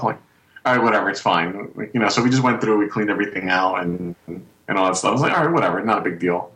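A man's voice: fairly low pitch, brisk, fairly bright tone, echoey room, low-quality recording. A young man in his twenties telling a rambling, casual story with laughing asides. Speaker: guest storyteller.

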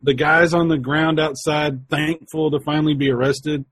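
A man's voice: on the high side, little pitch movement, normal speed, fairly bright tone, breathy edge. A man in casual chat, telling a rambling, crude comic story.

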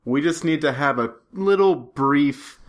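A man's voice: on the high side, measured pace. Man co-hosting a joking podcast chat. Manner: joking, rambling banter. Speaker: podcast co-host. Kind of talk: casual chat.

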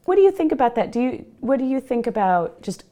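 A woman's voice: fairly high pitch, very animated, fast, warm tone. A woman hosting a podcast interview, engaged and asking probing questions. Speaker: podcast host. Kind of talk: interview conversation.

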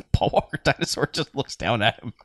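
A man chatting casually about a movie, acting out the characters in quick high-pitched bursts and laughing often. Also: vocal fry, a bit bright, husky, no room sound, clean studio sound. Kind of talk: casual movie recap chat.

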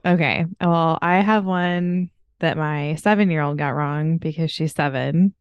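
A woman in her thirties hosts a casual podcast chat and tells stories with frequent laughter. Her voice sits a bit low and sounds smooth. The recording is dry and close. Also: measured pace, no echo, muffled recording. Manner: chatty, laughs often while telling stories. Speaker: podcast host.

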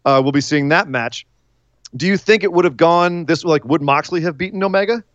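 A male podcast co-host chatting casually, joking and throwing in quick asides. His voice sits a little high. The recording is dry and a touch dull. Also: a bit bright, no echo. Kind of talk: casual chat.

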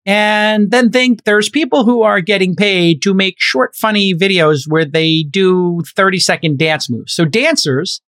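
A man's voice: sits high, unhurried, few pauses, fairly bright tone, no room sound. A middle-aged man hosting a podcast, chatting casually and thinking aloud with plenty of fillers. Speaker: podcast host.

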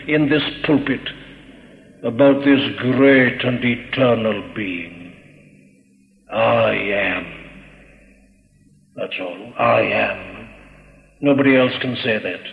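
A man delivers a sermon from a church pulpit with a slightly high-pitched voice. He speaks with solemn emphasis and repeats phrases as his fervor builds. The old recording sounds dull and muffled, and the voice rings out with a long, roomy reverb. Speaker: preacher.

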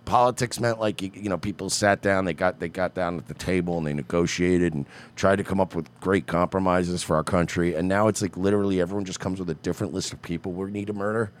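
A man's voice: low-pitched, fairly even intonation, fast talker, few pauses. Stammering, exasperated podcast co-host man. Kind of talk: casual political banter.

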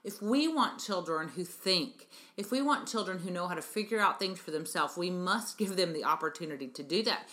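Her voice sits low but sounds fairly bright, with lively intonation and a brisk delivery that barely pauses. A middle-aged early-childhood educator, she hosts a parenting talk show, speaking earnestly and emphatically and calling listeners "you guys" in a radio-style monologue.

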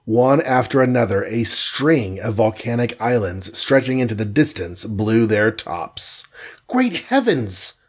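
A man narrating an adventure storybook aloud in a steady, dramatic reading. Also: on the low side, unhurried, few pauses, slightly rough.

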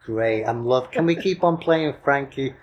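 A man's voice: mid-range voice, measured pace, dull audio, faint music behind. Male podcast co-host, enthusiastic fan, playful and teasing. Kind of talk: casual music chat.

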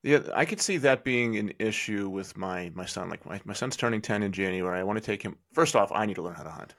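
A man hosting a podcast interview, asking questions and chatting in a relaxed, hesitant way with fillers. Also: on the low side, fast. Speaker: podcast host. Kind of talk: casual interview.

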